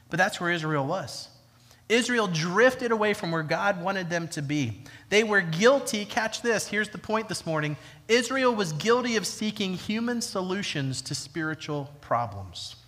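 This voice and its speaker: A man with a high, bright, ringing voice delivers a church sermon. He is emphatic and repeats key lines slowly for weight. His voice carries a long reverb from the church hall. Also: animated. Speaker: pastor. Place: church sanctuary.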